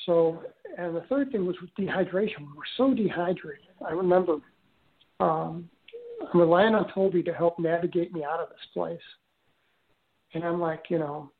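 A man telling a long personal story in a casual, rambling way, full of fillers and restarts. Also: sits high. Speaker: guest telling his story. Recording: tinny phone line.

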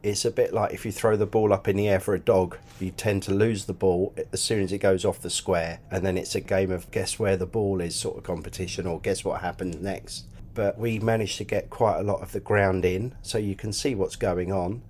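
A man's voice: low voice, steady tone, normal speed, a little mellow, slight background noise. A man chatting enthusiastically on a podcast, often repeating words as he talks. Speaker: club cricket scorer and podcast guest. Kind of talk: casual podcast chat.

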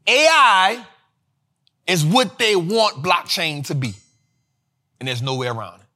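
Host type: high-pitched man, punchy, slangy, hyped finance commentary. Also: normal speed. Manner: animated, repeats lines for emphasis, slangy. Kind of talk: energetic casual commentary.

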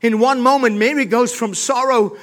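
A man's voice: extremely high pitch, fairly even intonation, moderate pace, a bit bright. A male pastor preaching an emphatic sermon, throwing rhetorical questions to the congregation. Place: church. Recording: long reverb of a large hall.

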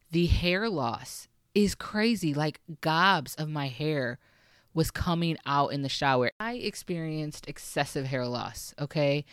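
A woman's voice: deep voice, no echo, studio quality. A young woman giving chatty, casual advice as a mom vlogger, often checking in with "okay" and "right". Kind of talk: casual advice talk to camera.

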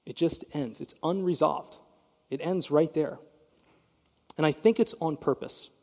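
Pastor guy preaching, kinda high voice, echo rolling around a big church hall. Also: unhurried, vocal fry, a little mellow. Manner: emphatic storytelling, direct address to the congregation. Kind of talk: sermon. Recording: long reverb of a large hall.

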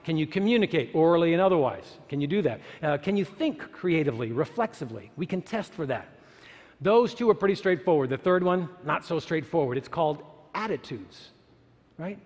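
A man with a high, ringing voice speaks in a sermon-like way. He asks the listeners rhetorical questions and repeats lines for emphasis. A long reverb trails his voice through the large hall. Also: lively intonation, fairly quick, darkish tone. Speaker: speaker at a church or university gathering. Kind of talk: sermon-like talk.

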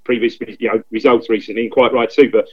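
Fast-talking man on a dull lo-fi line. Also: mid-range voice, little pitch movement, slightly rough. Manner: rambling, repeats himself, quick enthusiastic recollection. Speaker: guest pundit. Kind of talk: casual football chat.

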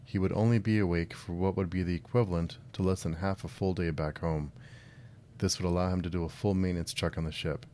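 Man, low voice, book channel host, short story reading, friendly, faint rumble. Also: steady tone, brisk, mellow. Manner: friendly, with filler words and restarts. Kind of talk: casual intro then story narration.

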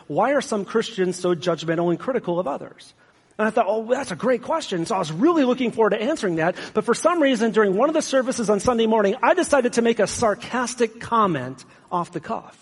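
A man's voice: sits high, slightly rough. A man preaching a sermon as pastor, conversational and self-deprecating, with sarcastic asides. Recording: long hall reverb.

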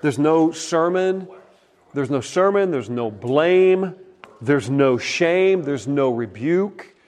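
A man preaching a sermon as a pastor, retelling stories in a casual, conversational way and often dropping to a soft hush. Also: a little high, expressive, slow.

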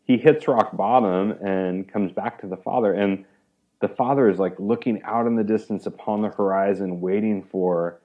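Speaking at a moderate pace in a lowish voice, a male interview guest retells a parable with lots of animation, voicing the characters' lines and frequently saying "like." The audio is narrow and tinny.

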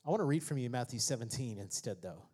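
A male pastor preaching a sermon, joking with the congregation and then building to shouted exhortations. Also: medium pitch, animated, fast talker, husky. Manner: swings from conversational asides to shouted preaching; jokey, laughs at own remarks.

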